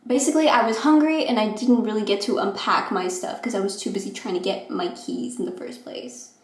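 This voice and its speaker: A young woman in her late teens or twenties rambles through a casual storytime, her voice sitting in the middle of the range for a woman. She keeps breaking into animated, acted-out quotes. The room around her is bare and echoey. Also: mid-range voice, brisk. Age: young adult. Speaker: vlogger.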